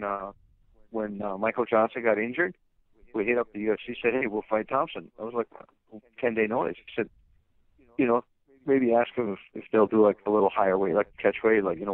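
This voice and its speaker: A man's voice: lowish voice, no room sound. A blunt man rants through a tinny phone line, his voice dry and close with no room around it. He talks as a fighter's manager, piling on fillers and restarts as he vents. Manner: blunt, ranting, many fillers. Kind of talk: phone interview.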